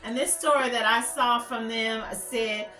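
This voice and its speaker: A woman's voice: a little high, fairly even intonation, unhurried, pushed and bright. A woman hosting a casual commentary vlog, chatty and gossipy, rambling with lots of fillers. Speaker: YouTube channel host. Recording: echoey room with faint music.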